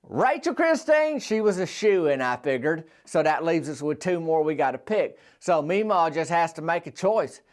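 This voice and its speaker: Guy spinning a yarn, rambly and chatty, voice sits kinda high. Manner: rambling, chatty, drawling asides. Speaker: podcast host. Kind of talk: folksy storytelling.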